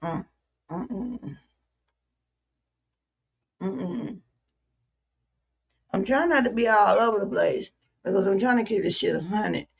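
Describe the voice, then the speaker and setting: A woman's voice: mid-range voice, animated, measured pace, creaky, long pauses, slightly rough. A weary woman streamer venting to her viewers in a frustrated, repetitive, profane rant. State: weary, worn out. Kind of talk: emotional livestream rant.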